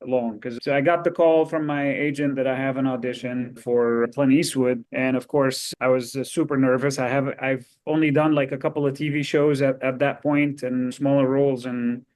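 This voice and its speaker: A man, a guest actor, telling anecdotes in a casual, lively way on an interview podcast. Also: medium pitch, normal speed, few pauses. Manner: lively, animated storytelling with frequent laughs.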